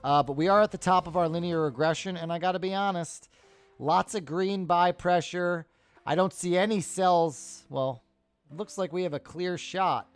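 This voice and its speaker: Profane ranting trading-stream man, slightly high. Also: moderate pace, clear, resonant tone, no echo. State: tired. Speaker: livestream stock trading host. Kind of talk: casual live market commentary.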